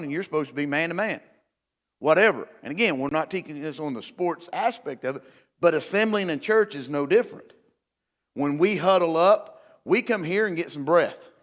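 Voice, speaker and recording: A man's voice: on the high side, a bit bright, long reverb tail. A man preaching a conversational midweek church sermon, folksy and building to emphatic declarations. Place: church sanctuary.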